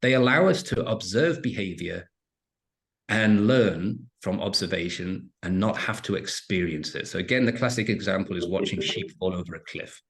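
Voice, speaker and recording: Middle-aged english guy, really low voice, chatty, keeps restarting his sentences. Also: normal speed. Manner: animated storytelling with frequent restarts. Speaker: interview guest, entrepreneur and author. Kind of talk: casual podcast interview.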